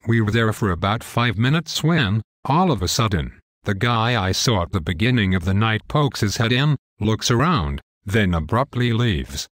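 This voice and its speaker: A man's voice: fairly low pitch, lively intonation, moderate pace, few pauses, no room sound, clean studio sound. A young man telling a wild story in a casual, profane, matter-of-fact way. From United States. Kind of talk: casual scripted story narration.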